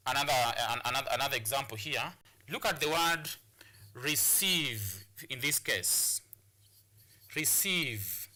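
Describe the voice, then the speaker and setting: A man's voice: a little high, bright, forceful tone. A man with a Kenyan English accent teaching a televised English lesson, explaining syllables step by step with frequent repetition and rhetorical questions. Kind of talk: classroom lesson on stress and syllables.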